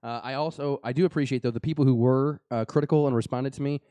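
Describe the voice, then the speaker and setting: A young man hosting a casual live podcast. He talks in a loose, joking way, full of fillers and restarts. His voice is smooth and clear, recorded close and dry. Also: mid-range voice, fairly even intonation, fast talker, dark tone, no room sound. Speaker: podcast host. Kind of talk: casual live-show chat.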